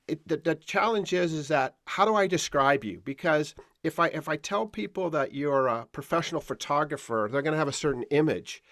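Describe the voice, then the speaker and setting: A man's voice: on the high side, a little fast, few pauses, fairly bright tone, dry recording, clean studio sound. A man hosting a podcast, introducing his guest in a playful, teasing way. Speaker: podcast host. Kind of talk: conversational interview.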